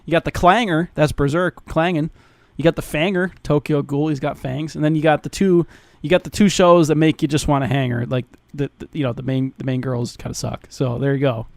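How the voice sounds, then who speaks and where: A man's voice: fairly high pitch, fairly even intonation, a little fast, gravelly, few pauses, darkish tone, no echo. A man co-hosting a podcast, bantering and joking with frequent stammers. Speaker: podcast co-host. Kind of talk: casual podcast chat.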